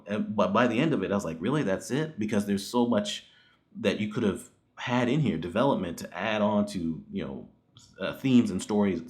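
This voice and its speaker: A man with a fairly low voice talks through a movie review in a loose, conversational way. He is animated and exasperated, swears freely and breaks into laughter often. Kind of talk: casual spoken movie review.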